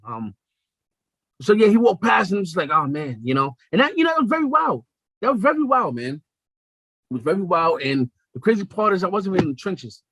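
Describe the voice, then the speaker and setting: A young man hosting a podcast, telling a comedic story in a profane, animated way and acting out the quotes. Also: high voice, a little fast, breathy edge, no room sound. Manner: animated, profane, acts out quotes in shifting voices. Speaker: podcast host.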